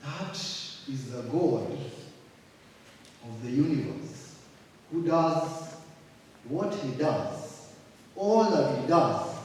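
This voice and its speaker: A man preaching a sermon, slow and emphatic, repeating phrases for weight. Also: fairly high pitch, lively intonation, darkish tone, slight background noise. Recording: distant mic in an echoey hall.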